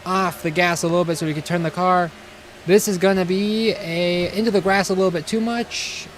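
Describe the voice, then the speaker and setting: A man's voice: high voice, steady tone, moderate pace, slight background noise. A man streaming a racing game live, commenting casually and greeting his chat. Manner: eager, casual, talks to chat. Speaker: gaming streamer.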